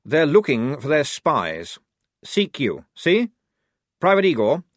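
A prim young officer, put on by a male reader, speaking in a high, lively voice with clipped, exact phrasing and an air of smug politeness. The recording is close and dry. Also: no room sound, heavily acted. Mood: crisp. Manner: brisk, precise, pleased with himself.

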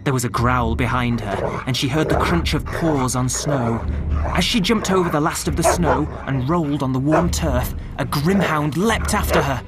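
A woman narrating a storybook in an expressive reading style, recorded close. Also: low-pitched, moderate pace, loud music behind the voice. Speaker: audiobook narrator.

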